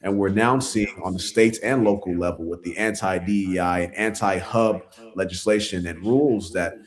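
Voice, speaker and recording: A man's voice: sits low, moderate pace. A man, a city council member running for office, talking earnestly in a casual interview and laughing at himself.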